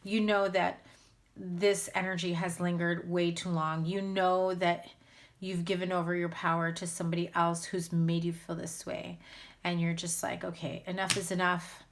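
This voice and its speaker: A woman's voice: lowish voice, flat delivery, moderate pace. A woman giving a casual spoken tarot reading to her viewers, blunt and candid, speaking straight out. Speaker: tarot reader.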